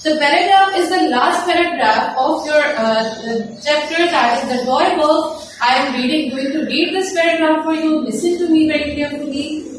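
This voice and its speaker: A woman teacher, explaining a lesson slowly with many fillers and restarts. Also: sits high. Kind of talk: classroom lesson. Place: classroom with a board. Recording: very echoey room, distant mic, noisy.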